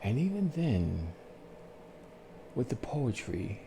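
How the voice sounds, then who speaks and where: Calm, gravelly-voiced man telling his story. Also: on the low side, slight background noise. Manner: calm, soothing, unhurried talk with pauses. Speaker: channel host telling his life story. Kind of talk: slow reflective storytelling.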